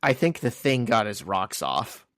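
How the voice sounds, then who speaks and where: A man's voice: fairly low pitch, very animated, a little slow, fairly bright tone, dry recording, studio quality. A man co-hosting a podcast, casually walking through a comic's scenes with crude jokes along the way. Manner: crude, joking, recounts scenes in order. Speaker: podcast co-host. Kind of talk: casual chat recapping a comic.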